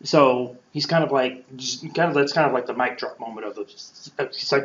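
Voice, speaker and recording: A man at a middle pitch gives a relaxed Bible talk and slips into playful voices for the people in the story. The sound is roomy and a bit dull, like a lo-fi room recording. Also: normal speed, hardly any pauses. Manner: conversational, acts out quotes playfully. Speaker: podcast host teaching scripture. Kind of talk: casual Bible teaching.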